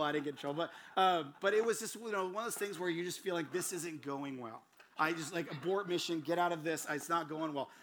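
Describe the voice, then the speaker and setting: A high, bright male voice belongs to an outgoing preacher who teaches in an easy storytelling way. He takes on the voices of the people in his stories, and a faint hiss sits under his speech. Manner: storytelling, acts out quoted voices; gregarious, outgoing. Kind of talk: sermon series teaching.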